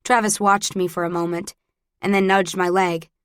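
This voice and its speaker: A woman narrating a romance audiobook in first person, with even, close storytelling on a studio mic. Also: lowish voice, moderate pace, smooth, no room sound.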